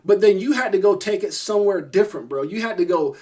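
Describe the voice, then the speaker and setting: A man's voice: sits high, lively intonation, a little mellow. A man, a crypto YouTuber, ranting to camera, irritated, emphatic and repetitive. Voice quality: fast, emphatic, repeats himself. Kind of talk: heated rant to camera.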